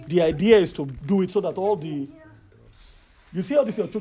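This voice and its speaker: A man with a Nigerian accent preaching a sermon, telling a personal story in an animated, rising voice. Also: high-pitched, a little fast, slightly rough. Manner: animated, rises to loud excited storytelling.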